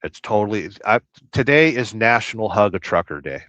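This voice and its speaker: An American truck driver hosting a casual livestream, rambling through jokes and viewer comments with a deadpan, blustery manner. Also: male voice, fairly low pitch, normal speed, no room sound. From United States. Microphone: livestream mic. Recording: dry, dull lo-fi stream audio.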